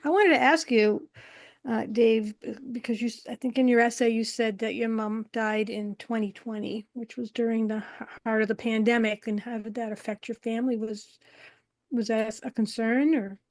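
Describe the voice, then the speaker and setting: Female podcast host, fairly high voice, dry close sound, friendly and a bit halting. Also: fairly even intonation, no room sound. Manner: friendly, slightly halting questions. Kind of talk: interview questions.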